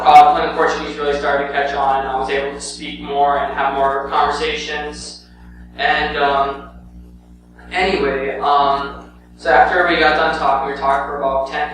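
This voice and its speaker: A man's voice: a little high, a bit bright. Rambling young man in an echoey church. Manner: rambling, with many "um" and "anyway" fillers. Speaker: church member presenting his mission trip. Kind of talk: casual spoken report to a congregation. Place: church sanctuary. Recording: very echoey church hall, heard from a distance, with a clear hum.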